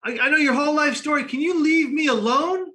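A man's voice: extremely high pitch, fairly quick, sharp tone, pitched above the performer's own voice. A man voicing a sullen young male patient who talks in an exasperated, complaining way. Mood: annoyed.

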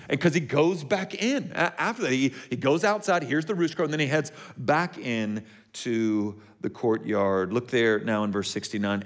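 Animated man preaching a conversational sermon. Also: brisk, few pauses. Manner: conversational and animated, checks in with listeners; acts out quotes with lively shifts in pitch. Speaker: pastor.

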